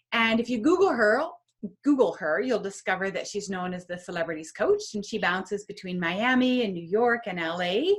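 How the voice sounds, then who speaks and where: A woman host with a slightly breathy voice introduces her guest warmly and upbeat. Her pitch sits in an ordinary middle range. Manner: upbeat, welcoming presenter. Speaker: summit host, interviewer. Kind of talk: hosted interview introduction.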